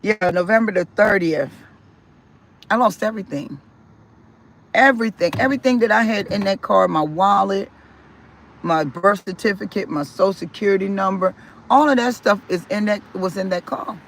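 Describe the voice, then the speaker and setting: A man vlogging casually about his life, rambling with restarts and repeated words, and swinging in loudness and pitch as he talks. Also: normal speed, creaky, a little hiss or hum. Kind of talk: casual personal storytelling.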